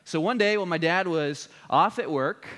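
A man preaches a sermon from the pulpit, his voice sitting a little high for a man. He tells a family story in an earnest way and builds toward a solemn appeal. The long reverb of a large church hall trails after his words. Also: normal speed, sharp tone.

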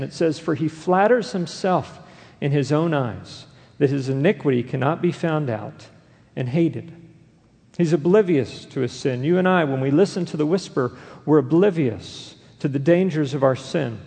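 A man's voice: a little high, vocal fry, a little mellow, long reverb tail. A man preaching an earnest sermon as a pastor, often tossing in a rhetorical "right?" to the congregation.

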